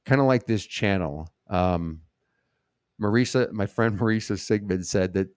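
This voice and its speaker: A man's voice: lowish voice, unhurried, a little mellow, no room sound, studio quality. A man hosting a live question-and-answer stream, talking in a blunt, rambling and profane way. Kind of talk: casual live Q&A chat.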